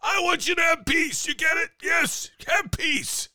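A man voicing a mock politician preaching peace, in a shouted, mocking falsetto. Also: measured pace, no echo, clean studio sound, heavily acted.

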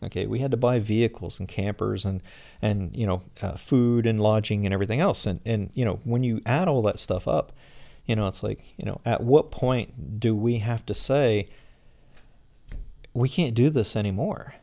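A man's voice: lowish voice, moderate pace, creaky, warm tone. A middle-aged American man answering interview questions in a rambling way, full of fillers. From United States. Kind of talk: conversational interview.

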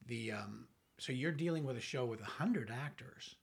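Husky Ontario Canadian male interviewer. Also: medium pitch, expressive. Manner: inquisitive, halting with fillers. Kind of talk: casual interview.

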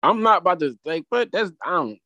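A man's voice: sits high, lively intonation, a little fast, bright, forceful tone, no room sound, lo-fi sound. A man co-hosting a podcast in casual chat, talking bluntly and defiantly with plenty of profanity. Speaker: podcast co-host.

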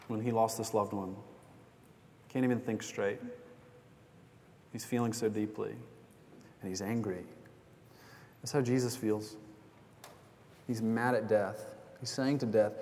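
A man's voice: medium pitch, steady tone, unhurried, pauses often, darkish tone, slight background noise. A young man preaching a sermon as pastor, telling a story in a conversational way with small jokes and asides. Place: church sanctuary. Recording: long hall reverb.

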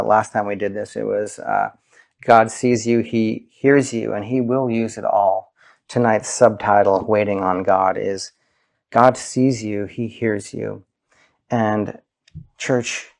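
Male pastor, gravelly, unhurried sermon delivery with big swings between high quotes and hushed asides. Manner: slow, emphatic preaching, soaring high when quoting, dropping low and soft.

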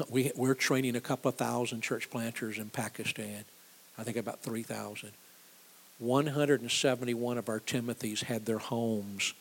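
A man's voice: medium pitch, gravelly. A man leading a church missions talk, emphatic and repetitive, calling the audience to repeat after him. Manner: emphatic, repeats key phrases, leads audience responses. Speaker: missions ministry leader.

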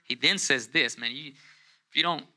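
A pastor giving a casual, conversational sermon, calling on the congregation to repeat words and rising to loud, emphatic scripture reading. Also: male voice, medium pitch, moderate pace.

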